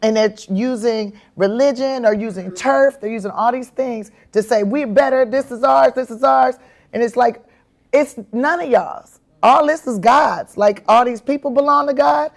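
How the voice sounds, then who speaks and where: Comedian lady in her 40s, aave, tells stories all animated, laughs a lot, pitch jumps up when she quotes herself. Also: moderate pace. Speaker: comedian and actress, interview guest. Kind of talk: candid storytelling in an interview.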